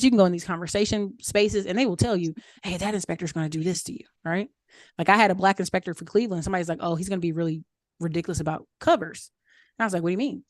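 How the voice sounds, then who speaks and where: Candid woman chatting bout money stuff, mid pitch, dry close sound. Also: darkish tone, no echo. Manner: candid, chatty, acts out quoted voices. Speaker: guest speaker answering questions. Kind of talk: casual advice talk.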